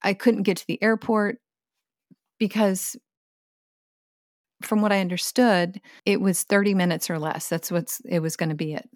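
A woman, retelling a personal experience in conversation in a vivid, expressive way with bursts of laughter. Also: medium pitch, normal speed, long pauses, no echo, studio quality. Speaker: guest sharing her experience.

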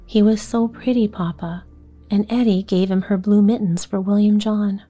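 A woman voicing an eager, excitable little girl in a storybook reading. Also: mid-range voice, normal speed, faint music behind, natural voice.

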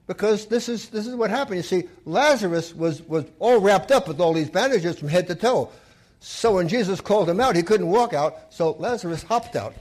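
A man's voice: high-pitched, lively intonation, normal speed, a little mellow. A man preaching a sermon, retelling a Bible story and voicing its people with emphatic, acted-out quotes. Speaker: pastor.

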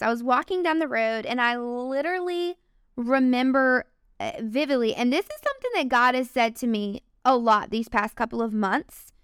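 A woman's voice: sits high, a bit bright, clear, resonant tone, no echo, studio quality. A young woman giving an earnest, emotional faith testimony, talking straight to her viewers. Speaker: faith vlogger. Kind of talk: personal testimony talk.

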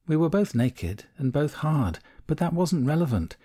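A man narrating a first-person memoir audiobook in a calm, measured, candid way. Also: medium pitch, breathy edge.

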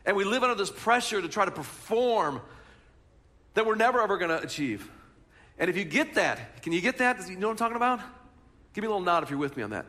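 High, bright-voiced pastor preaching. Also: male voice, quick pace. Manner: animated storytelling, talks to the congregation. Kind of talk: sermon.

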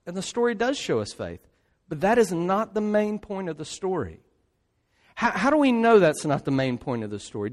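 A man preaching a sermon in an emphatic way, often tossing in rhetorical asides. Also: high voice. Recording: long hall reverb.

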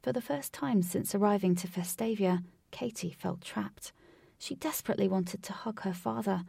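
Husky, creaky-voiced woman narrating a story. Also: medium pitch, normal speed, dark tone, dry recording. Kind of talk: storybook reading aloud. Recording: distant from the mic, dry.

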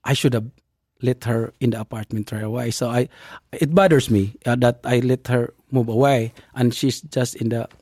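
A man telling a personal story in casual talk, halting and restarting often and speaking English as a non-native speaker. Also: dry recording, clean studio sound. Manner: halting, with many restarts and fillers; acts out quoted dialogue with lively jumps in pitch. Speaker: storyteller in a conversation.

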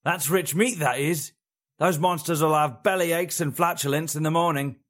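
A man's voice: fairly high pitch, fairly even intonation, normal speed, fairly bright tone, voice pushed up, natural voice. A man voicing a wrinkled old crone who is sly and mocking, in an audiobook reading. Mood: gleeful. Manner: gleeful, mocking. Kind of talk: audiobook character voice.

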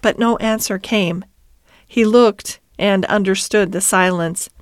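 A woman narrating a classic children's storybook in a calm, measured reading voice. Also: mid-range voice, no echo, studio quality. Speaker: audiobook narrator.

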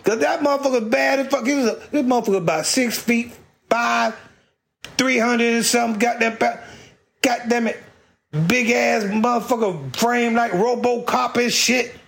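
A man tells a long, profane comic story, rambling and laughing between the curses. His voice sits high for a man. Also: steady tone, moderate pace, creaky, fairly bright tone. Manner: rambling, heavy swearing, laughing as he talks. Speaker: stand-up storyteller.

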